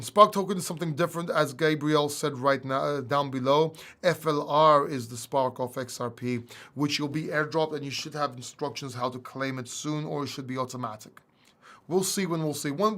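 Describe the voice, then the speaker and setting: Guy with a bit of a greek accent doing a livestream q&a, kinda high voice, super chatty. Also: a bit bright. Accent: slight Greek. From England. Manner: chatty, reads viewer questions aloud, often says "man". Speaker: livestream host. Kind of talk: casual livestream Q&A.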